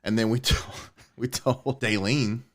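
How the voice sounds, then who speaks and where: A man, a podcast co-host telling a personal story in casual chat, swearing often and getting excited. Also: medium pitch, a little slow. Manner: animated, swears a lot, rising excitement.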